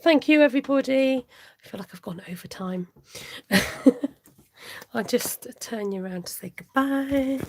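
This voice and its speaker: A woman hosting a live card-making tutorial, chatting warmly as she reads out viewer votes and laughs often. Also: high-pitched, slight background noise. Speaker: card-making livestream host. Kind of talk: live crafting tutorial chat.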